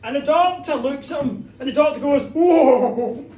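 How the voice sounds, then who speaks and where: A storyteller telling a comic horror tale live to a pub audience, animated and teasing the listeners. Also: sits high, fairly quick, dull audio. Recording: echoey pub room, distant mic.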